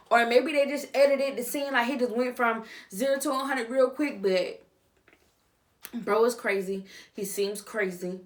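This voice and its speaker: Animated slangy woman vlogger. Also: a little high, unhurried. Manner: animated, swings between quiet asides and loud outbursts; slangy, talks straight to viewers. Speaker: vlogger reviewing a reality TV show. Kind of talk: casual reaction commentary.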